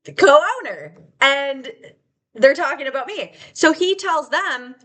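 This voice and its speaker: Brief: woman vlogger, raw confessional testimony, high voice that swings a lot, emotional and blunt. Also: very animated, slow, sharp tone. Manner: emotional, candid, rambling, with frequent laughs and swearing. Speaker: vlogger sharing her life story. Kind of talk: raw unscripted personal testimony.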